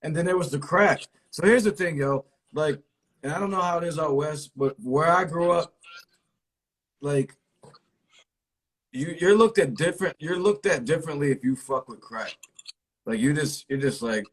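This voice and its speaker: A man's voice: on the high side, moderate pace, pauses often, poor audio. Candid, slangy man from the East Coast. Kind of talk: casual chat.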